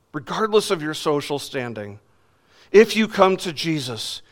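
A man's voice: on the high side, fairly bright tone. A man preaching a sermon in an earnest, emphatic way, repeating phrases for stress.

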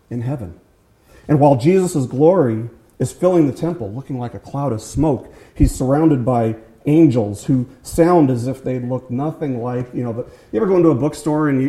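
A man preaching a sermon in a conversational way, with frequent fillers and restarts, and slowing down to stress key words. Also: medium pitch, warm tone, rough recording. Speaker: pastor.

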